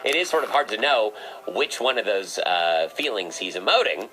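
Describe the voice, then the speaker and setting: A man's voice: on the low side, lively intonation, normal speed, sharp tone, soft background music, rough recording. A man hosting a comedic call-in show, teasing a caller with a playful, stammering delivery and a mock pet-psychic bit.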